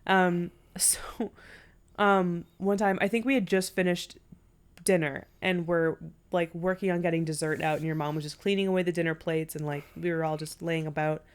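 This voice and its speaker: Low-pitched young woman, podcast co-host, swears freely, animated storyteller. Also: moderate pace, clean tone. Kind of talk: casual podcast chat. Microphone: podcast microphone.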